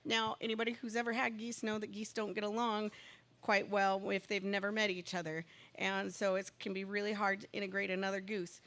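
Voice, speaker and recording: A woman chatting casually as a guest, telling a long rambling story and getting excited as it goes. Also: medium pitch, brisk. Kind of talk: casual chat.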